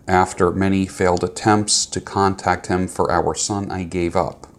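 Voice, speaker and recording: A man's voice: sits low, level tone, unhurried. A man on a YouTube video, talking to camera and earnestly reading a viewer's letter aloud.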